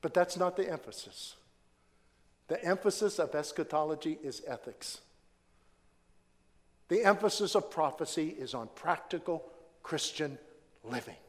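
A male pastor preaches in an unhurried, deliberate way and keeps his voice fairly high. He leans on repeated phrases and call-and-response questions. The long reverb of a big church sanctuary trails after every line. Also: expressive. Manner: repeats key phrases for stress. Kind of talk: sermon. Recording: long reverb from a large hall.

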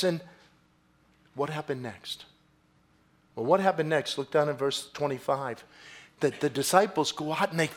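Pastor, male, slightly higher pitch, dramatic sermon delivery that swings between soft and loud. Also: lively intonation, normal speed, long pauses. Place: church.

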